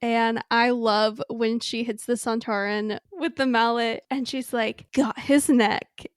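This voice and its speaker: Bright-toned young woman retelling scenes. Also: fairly high pitch, a little slow, clean tone, no room sound, clean studio sound. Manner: enthusiastic, animated retelling. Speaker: podcast co-host. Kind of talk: casual chat.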